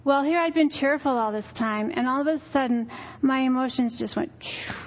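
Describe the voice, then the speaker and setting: A woman's voice: high-pitched, brisk, muffled recording. An older woman giving a weary, earnest personal testimony in church, telling her story candidly. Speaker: church speaker.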